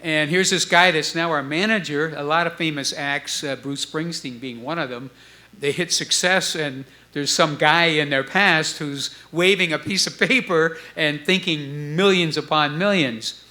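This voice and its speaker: A man in his seventies telling stories on a club stage, acting out the voices of others in his tale. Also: a little slow. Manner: animated storyteller, acts out quoted voices with jumps in pitch. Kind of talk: storytelling chat before a live audience.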